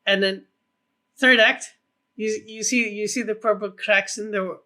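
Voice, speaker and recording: Excitable male co-host, high pitched, rambling, heavy swearing. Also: measured pace. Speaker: podcast co-host. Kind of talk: casual film podcast chat.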